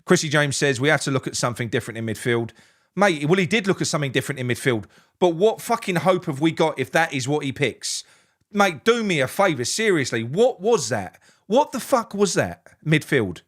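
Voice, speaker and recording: Brief: male fan host, fairly high voice, raging swear-filled rant that drops to a grumbling mutter. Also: sing-song, a little fast. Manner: ranting, heavy swearing, swings from shouting to muttering. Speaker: football fan channel host. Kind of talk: angry live match reaction.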